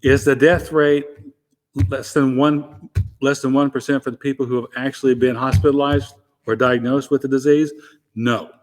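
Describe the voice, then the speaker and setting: A man from Arkansas with a softened Southern accent, a guest explaining things in a measured way with dry wit. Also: medium pitch, flat delivery, long reverb tail. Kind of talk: interview answers.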